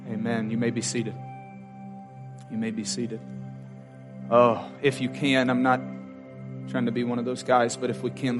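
A young man preaching in a church, talking earnestly and conversationally with plenty of fillers as he shares personal testimony. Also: mid-range voice. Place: church sanctuary.

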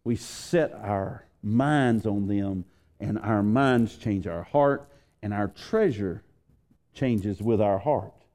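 Mellow-voiced preacher man. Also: lowish voice, slow pace. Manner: preaching with rising intensity and repeated phrases. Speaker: pastor. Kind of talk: sermon.

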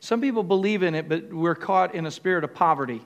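High-voiced older man preaching. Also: lively intonation, highs cut off. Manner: call-and-response with the congregation; halting, with restarts and fillers. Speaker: pastor. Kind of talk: sermon.

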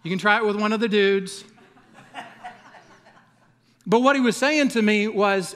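A man's voice: high-pitched, measured pace, long pauses, a bit bright. Man preaching a casual sermon. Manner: conversational preaching with humor and asides. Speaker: pastor.

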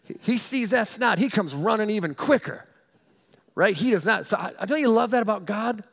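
A middle-aged man, a pastor, telling a funny personal story in a sermon, animated and self-mocking, often repeating his words. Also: high-pitched, a little fast.

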